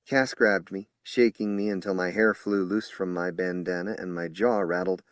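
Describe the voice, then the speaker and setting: A man reading a horror novel aloud as an audiobook narrator in measured storytelling. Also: low voice, steady tone, dry recording. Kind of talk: scripted narration.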